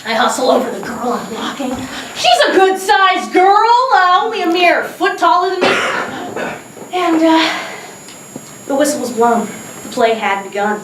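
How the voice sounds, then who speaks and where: A woman telling a comic personal story, animated and laughing often as she acts out what people said. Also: sits high, unhurried. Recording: echoey distant mic with noise.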